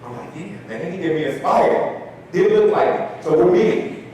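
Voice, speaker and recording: A man's voice: high-pitched, moderate pace, slight background noise. A man giving a talk, telling a personal story and acting out the voices of the people in it. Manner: animated storyteller acting out dialogue. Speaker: speaker. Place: large hall. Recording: echoey hall recording from far off.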